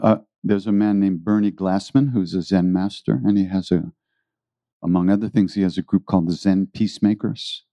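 A deep-voiced man talks to a gathered audience about spiritual practice, earnest and loosely rambling, circling back to repeat his phrases. His tone is dark and mellow, recorded close and dry. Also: dry recording. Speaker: spiritual teacher giving a talk. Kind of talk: informal spiritual talk to a live audience.

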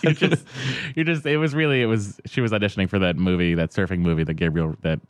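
A man co-hosting a casual talk show, making gloomy, deadpan jokes. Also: low voice, quick pace, no echo. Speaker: podcast co-host. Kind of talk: casual chat.

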